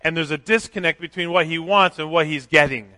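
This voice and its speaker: A middle-aged pastor giving a candid, conversational sermon with self-deprecating asides. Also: male voice, on the high side, a little fast, pushed and bright.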